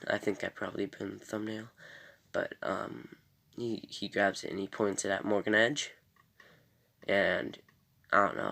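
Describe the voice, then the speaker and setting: A man's voice: lowish voice, creaky, fairly bright tone. A man casually recapping a TV episode in a rambling way, full of fillers and self-corrections. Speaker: TV episode reviewer.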